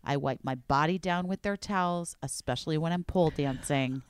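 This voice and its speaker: A woman podcast host reading ads in a casual, enthusiastic, chatty way, sometimes dropping to a quiet voice for emphasis. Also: low voice, a little fast, clear, resonant tone. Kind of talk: casual chat ad read.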